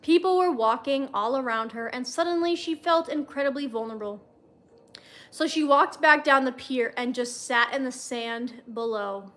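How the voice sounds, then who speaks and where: On her livestream, a young woman casually reads fanfiction and keeps stopping to make dry, talkative remarks to the chat. She sits high in pitch, sounds a bit bright, and keeps a moderate pace.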